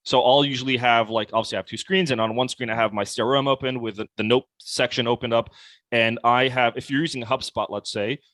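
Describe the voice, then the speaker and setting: A man's voice: medium pitch, quick pace, dry recording. Casual young man, dry close sound. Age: young adult. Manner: casual, animated, heavy use of "like". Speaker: podcast guest, sales coach. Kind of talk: conversational podcast interview.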